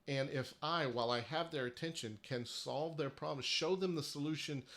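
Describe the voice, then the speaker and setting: A man's voice: a little high, normal speed, fairly bright tone. A man hosting a live-streamed marketing workshop, talking emphatically and persuasively, with frequent restarts. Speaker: host of a marketing workshop livestream.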